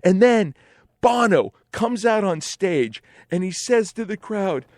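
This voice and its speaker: Animated man telling a wild story. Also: high voice, slow, no room sound. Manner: animated, profane, digressive storyteller with frequent "like" and "right?". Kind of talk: comic personal storytelling.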